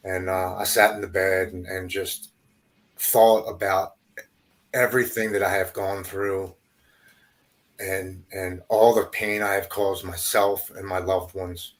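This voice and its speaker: Speaking low with little rise or fall in pitch, this male podcast guest tells of his recovery haltingly. He repeats words and goes quiet whenever the story gets hard.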